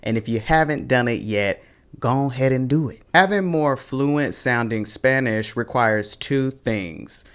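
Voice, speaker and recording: A Spanish teacher leads a pronunciation lesson in a scripted video, speaking slowly and deliberately with a casual, slangy manner. His mid-range voice sounds clear, resonant, and a little bright.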